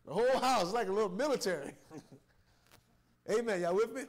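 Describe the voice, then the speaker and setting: A man's voice: high voice, lively intonation, normal speed. A man preaching a revival sermon, emphatic and repetitive, drawing call-and-response from the congregation. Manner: emphatic, repeats words and restarts, chuckles. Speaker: guest preacher, church elder.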